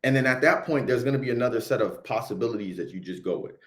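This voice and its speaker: A man's voice: medium pitch, fast. A young man with a Haitian accent tells a story on a livestream, talking emphatically in slang and often checking in with "right?". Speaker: videographer telling a story on a livestream. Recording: roomy echo.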